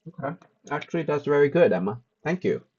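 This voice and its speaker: A man's voice: fairly high pitch, animated, a little fast, a little mellow, breathy edge, muffled recording. A man live-streaming, giving wry, teasing commentary in a casual chat.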